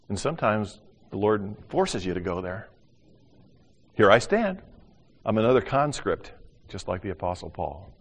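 Older male pastor, sermon delivery, animated with hushed drops, low-pitched voice, reverberant sanctuary sound. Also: normal speed, pauses often. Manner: animated, acts out voices, swings from loud to hushed. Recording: long hall reverb.

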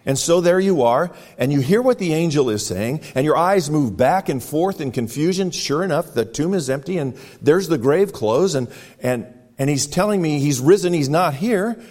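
A man preaching a sermon, retelling a story dramatically, with sudden loud exclamations and quiet, hushed stretches. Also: medium pitch. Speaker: pastor.

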